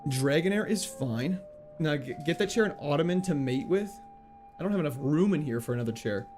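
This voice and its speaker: A man's voice: a little high, animated, a little fast, a little mellow, soft background music. A man streaming a video game live, chatting casually and playfully as he reads out chat and laughs often. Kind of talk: casual live gameplay commentary, reading chat.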